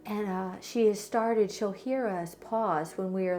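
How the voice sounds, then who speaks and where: A woman hosting a family vlog as the mother, chatty and lively as she tells stories about her toddler. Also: mid-range voice, measured pace, soft background music. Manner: chatty, animated, acts out her toddler's cute words. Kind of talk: casual family vlog storytelling.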